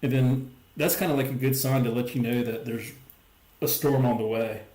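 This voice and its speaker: Man, livestream host, casual rambling chat, mid pitch, echoey room. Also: steady tone, moderate pace, dark tone. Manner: rambling, lots of "like" and "um". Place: home stream setup. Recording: roomy echo.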